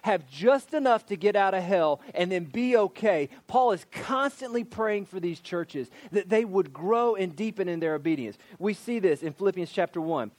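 Fairly high-voiced male pastor preaching. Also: animated, moderate pace, hardly any pauses, dry recording. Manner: emphatic, explanatory preaching with scripture reading. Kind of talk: sermon.

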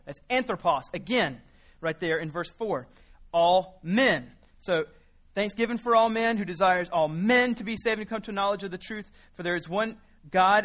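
A man delivers a sermon in a high, bright voice. He works through scripture earnestly, leaning on repeated words to build emphasis. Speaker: preacher.

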